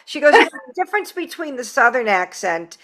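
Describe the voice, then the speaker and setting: A podcast host with a New York accent talks in a loose, chatty way and laughs often. Her voice sits a little on the high side. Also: sing-song, brisk, fairly bright tone. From Long Island, New York. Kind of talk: casual interview chat.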